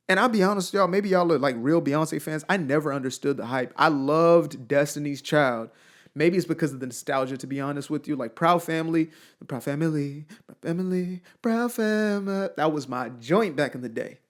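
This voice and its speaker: Animated man ranting to camera. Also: a little high. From outside the United States. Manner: animated, emphatic, rhetorical questions, colloquial. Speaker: commentator. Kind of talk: solo opinion rant to camera.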